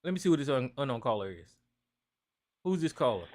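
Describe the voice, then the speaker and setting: A man's voice: mid-range voice, big pitch swings, a little fast, a little mellow. A man from North Carolina, hosting a call-in talk show and ranting profanely about politics.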